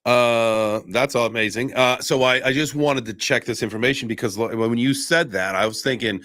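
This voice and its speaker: A man's voice: mid-range voice, moderate pace, hardly any pauses, fairly bright tone, dry recording, clean studio sound. A man hosting a casual podcast chat, rambling through tangents and apologizing for them, with a casual curse here and there. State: out of breath. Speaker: podcast host.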